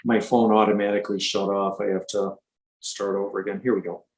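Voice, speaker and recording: A man from Michigan teaching about frogs in a relaxed, chatty live presentation, now and then imitating frog calls. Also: fairly low pitch, a little fast, a little hiss or hum, poor audio. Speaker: nature educator.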